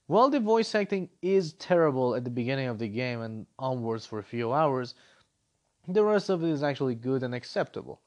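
A man giving a casual spoken game review, ranting in an animated, exasperated way. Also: medium pitch, brisk.

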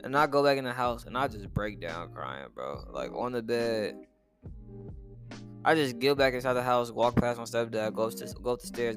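A young man telling a personal story in a rambling, halting way, full of slang and swearing and often trailing off quietly. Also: lowish voice. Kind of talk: casual storytelling monologue.

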